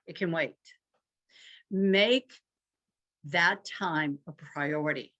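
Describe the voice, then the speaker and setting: A woman's voice: low voice, slow, long pauses, a bit bright. An older woman giving an instructive talk to couples, emphatic and conversational, with dramatic dips and rises in her voice. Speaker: marriage workshop speaker.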